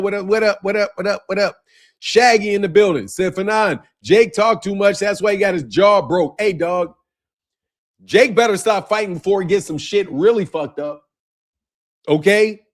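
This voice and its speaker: High-voiced, profane boxing streamer. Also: male voice. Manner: profane and animated, greets chat viewers by name. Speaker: boxing channel host. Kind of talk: casual livestream chat.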